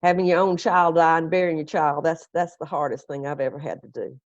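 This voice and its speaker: Her voice low and steady, a middle-aged woman minister talks fairly quickly as she fields congregation questions in a homey, conversational manner, often chuckling. There's no echo, and the stream recording sounds dull, dry and lo-fi.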